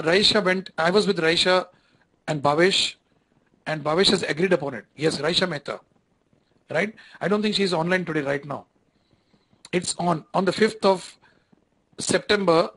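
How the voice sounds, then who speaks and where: High-voiced Indian English lecturer. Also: male voice, fairly bright tone, husky, rough recording. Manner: conversational, repeats phrases, asks students if they follow. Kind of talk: online lecture.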